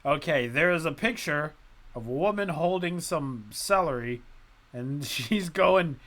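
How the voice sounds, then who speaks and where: A man's voice: a little high, animated, measured pace, fairly bright tone. A man co-hosting a podcast in casual chat, teasing his friend in a mock-serious way. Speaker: podcast co-host.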